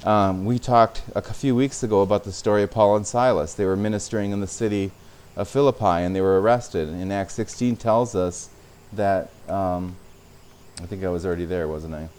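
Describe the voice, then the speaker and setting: A man's voice: deep voice, fairly quick, darkish tone, clear, resonant tone. A man preaching a sermon as a pastor, speaking conversationally and sometimes repeating words.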